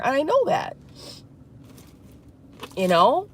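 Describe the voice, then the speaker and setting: A woman talking to her viewers in an emotional spiritual vlog, distraught and tearful, halting and repeating herself. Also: fairly high pitch, animated, a little hiss or hum. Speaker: vlogger.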